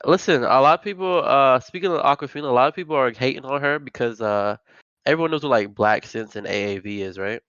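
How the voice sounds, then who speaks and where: A man hosts a loose, casual podcast and rambles from point to point, leaning on filler words as he goes. His voice sits at an ordinary middle pitch. It comes across dull and dry, like a cheap podcast mic in a deadened room. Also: fast, fairly bright tone, clean tone, dry recording. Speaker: podcast host.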